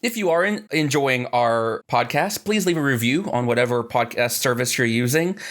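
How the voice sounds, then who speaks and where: A woman's voice: very deep voice, lively intonation, moderate pace. A woman co-hosting a tabletop gaming podcast, chatting in an upbeat, bubbly way. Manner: upbeat and bubbly, laughs often. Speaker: podcast co-host. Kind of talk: casual chat.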